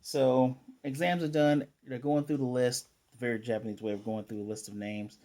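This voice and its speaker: Mellow-voiced man recapping an anime. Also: mid-range voice, fairly even intonation. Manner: retells scenes with quick quoted character lines; chatty, with fillers and throat clearing. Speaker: anime reviewer. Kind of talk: casual episode recap and review.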